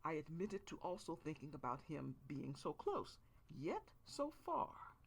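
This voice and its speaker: A woman reading her own novel aloud in expressive first-person audiobook narration. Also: low-pitched, unhurried, vocal fry, breathy edge.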